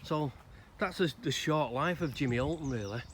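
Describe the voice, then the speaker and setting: This Salford man's voice is a bit bright and sits on the high side. Out in a cemetery, the grave-visiting vlogger rambles through a casual tribute and story, chatty and pausing often, with outdoor noise audible behind him.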